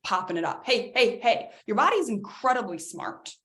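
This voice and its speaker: A woman wellness coach giving an energetic, emphatic workshop talk, speaking directly to her audience and calling them guys. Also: a little high, moderate pace.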